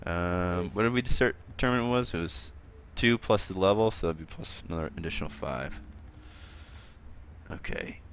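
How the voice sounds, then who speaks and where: A man's voice: deep voice, moderate pace, fairly bright tone, slight background noise. A man running a tabletop game as game master, casual, thinking aloud and laughing often.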